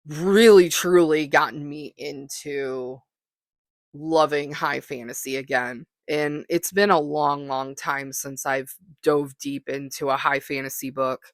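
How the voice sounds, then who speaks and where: Chatty podcast host rambling solo, lots of ums and likes, medium pitch, dry close sound. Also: steady tone, slow, no room sound. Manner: enthusiastic, self-deprecating. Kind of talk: casual solo book-talk monologue.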